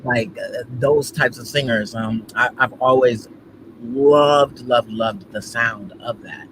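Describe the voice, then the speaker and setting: A man guesting as a gospel singer, goofy and animated, full of fillers. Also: mid-range voice, slow pace, background noise. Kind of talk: casual interview chat.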